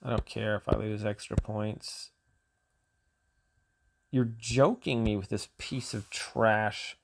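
A man's voice: fairly low pitch, fairly even intonation, slow pace, creaky, slight background noise. A man commentating his own gameplay for his channel, grumbling and exasperated, often sighing. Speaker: gaming channel host.

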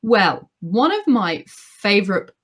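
Animated woman, author chatting. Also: medium pitch, takes it slowly, breathy edge. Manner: animated, laughing often, playful. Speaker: author and audiobook narrator, guest. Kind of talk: casual podcast interview.

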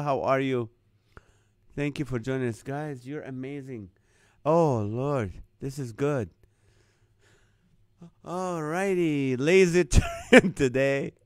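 A man with a fairly high, clean-toned voice and no echo hosts a live comedy stream. He chats casually, reads comments from viewers, and chuckles often at the wordplay.

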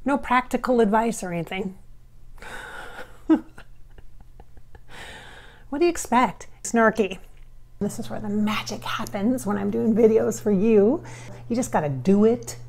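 A woman vlogging casually as a psychic, rambling and sassy, laughing often as she talks out loud. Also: a little high, measured pace, pauses often. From Minnesota, US. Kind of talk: casual blooper vlog talk. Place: home, car and outdoors.

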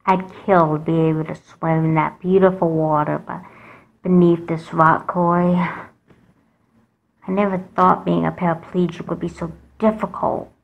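A sad teenage girl, as a woman voices her in a homemade doll movie. She speaks softly and wistfully in a lowish voice, turning puzzled and uneasy. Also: flat delivery, unhurried, vocal fry, highs cut off. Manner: soft, wistful, crying out in fear.

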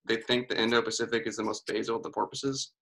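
A man scientist shares research findings in a loose, hedging way. His mid-pitched voice has a gravelly, fry-filled edge. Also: fast talker. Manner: relaxed, hedging, fillers like "you know". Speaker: marine mammal scientist co-host. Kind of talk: casual educational chat.

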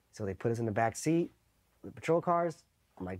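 A man's voice: mid-range voice, brisk. A man from East Los Angeles, a Marine veteran in his thirties, telling war-era stories in a loose, profane way and acting out the voices of others. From East Los Angeles, USA. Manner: profane, animated, acts out quoted voices. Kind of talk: casual storytelling interview.

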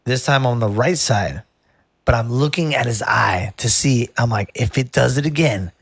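A man's voice: mid-range voice, moderate pace, creaky, breathy edge, dry recording, clean studio sound. A man who works as a barber, telling a rambling story in casual chat and calling the listener "bro". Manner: animated, rambling, says "bro" a lot.

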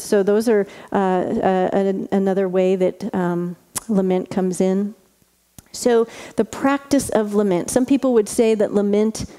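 Her voice a little high but dark in tone, a woman pastor preaches in a chatty, conversational way, often digressing and starting over. The recording carries the long reverb of a large hall.

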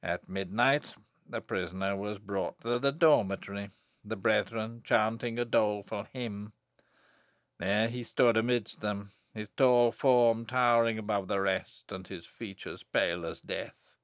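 A man reading a gothic novel aloud in a measured, grave manner. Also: fairly low pitch, no room sound. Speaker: audiobook narrator. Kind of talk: scripted narration.

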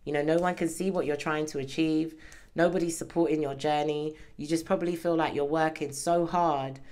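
A woman's voice: sits low, steady tone, brisk, a little mellow. A woman giving a casual tarot reading, chatty and encouraging, often checking in with "okay?". She speaks into a microphone worn close to her hair. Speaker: tarot reader. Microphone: microphone worn near her hair.

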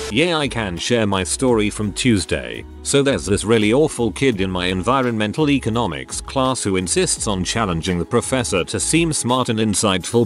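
Male narrator, low voice with lively inflection, scripted story reading, faint music bed. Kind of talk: scripted narration of online stories.

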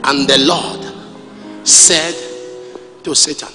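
Male pastor, sing-song shouting sermon style, faint music behind him. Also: high-pitched, sing-song, measured pace, long reverb tail.

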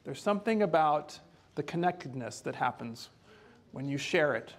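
A man giving a training presentation on home care, telling a story in a lively, conversational way. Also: on the high side, moderate pace.

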